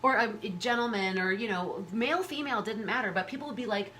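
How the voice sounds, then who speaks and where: A woman's voice: fast talker, hardly any pauses. A woman hosting a casual chat, talking animatedly and acting out the people she quotes. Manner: animated, acts out quoted people in high voices. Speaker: host.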